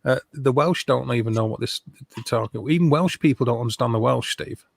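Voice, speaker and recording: A man's voice: mid-range voice, fairly quick, creaky, no echo, clean studio sound. A man, a guest on a live stream, trading crude, jokey banter. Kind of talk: casual live-stream chat.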